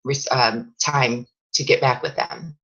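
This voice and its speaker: A woman's voice: very deep voice, steady tone, takes it slowly, fairly bright tone, slightly rough, lo-fi sound. A woman fitness coach giving a casual, chatty training talk to her sales team, with plenty of fillers and restarts.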